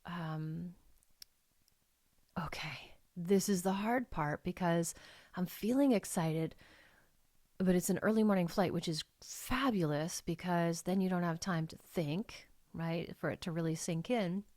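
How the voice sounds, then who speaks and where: A middle-aged woman hosts her own coaching podcast in a heartfelt, emotional monologue that rambles with plenty of "like"s. Her voice sits on the low side for a woman. The sound is dry and close, with no room around it. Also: unhurried, darkish tone, dry recording. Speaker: life coach and podcast host.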